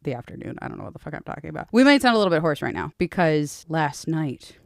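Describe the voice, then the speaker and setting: Young female podcast co-host, chatty and bubbly, smooth but slightly hoarse voice, dry close sound. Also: low-pitched, lively intonation, quick pace, dry recording. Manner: bubbly, swears casually, laughs often. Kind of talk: casual chat.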